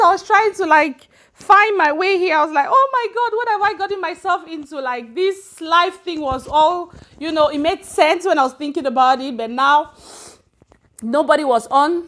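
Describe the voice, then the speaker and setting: A woman from Cameroon hosting her own live stream, chatting casually and greeting viewers by name as they join. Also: high-pitched. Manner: chatty and warm, switching between English and Swedish, greeting commenters by name. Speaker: channel host on a live stream.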